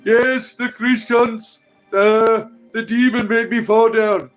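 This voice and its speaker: A man's voice: steady tone, slow, faint music behind, rough recording. A man voicing a helpless, whiny demon who shrilly begs to be rescued. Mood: wailing panic. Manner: shrill, whiny, panicked pleading.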